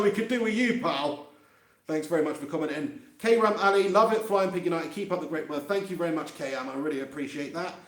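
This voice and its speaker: A man hosting a live fan reaction stream, chatting casually, laughing often and reading out viewer comments. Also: high voice. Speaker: fan channel host. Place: empty room. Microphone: handheld mic close to face. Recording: echoey empty room.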